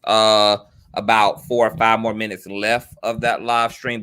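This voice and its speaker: A male host with a bright, crisp voice and a lowish pitch talks straight to his audience. The sound is dry and close, with no room around him. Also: dry recording. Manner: addresses the audience directly, with fillers. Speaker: show host. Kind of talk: casual commentary to viewers.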